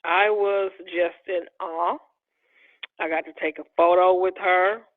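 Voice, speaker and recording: A middle-aged woman from Chicago, an interior designer telling stories in a casual interview, animated and acting out the dialogue she quotes. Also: fairly low pitch, slow, dry recording. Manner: animated storyteller, acts out quoted dialogue, laughs often. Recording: tinny dry phone-like line.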